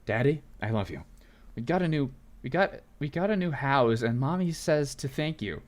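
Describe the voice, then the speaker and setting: A man reading a young child's letter to his father aloud, slow and sweet. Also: medium pitch, animated, pitched above the performer's own voice, lightly acted. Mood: tender.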